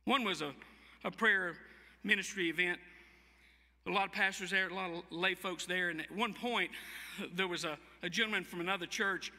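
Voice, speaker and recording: A man's voice: high voice, normal speed, pushed and bright. A man preaching a sermon as pastor of a church, with a Southern American accent, telling the story vividly and acting out the quoted voices. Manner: storytelling, dramatic voicing of quoted speech. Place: church sanctuary. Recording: long church hall reverb.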